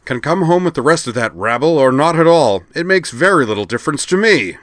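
A man's voice: a little high, expressive, fairly quick, dry recording, clean studio sound, pitched above the performer's own voice. A man voicing an angry, red-faced middle-aged man on a screen. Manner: angry, loud.

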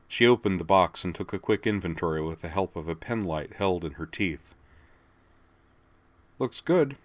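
A man with a low, deep voice reads a story aloud at a measured, even pace. His delivery is steady, and the recording is dry and close with no room sound. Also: dry recording. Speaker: narrator. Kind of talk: audiobook narration.

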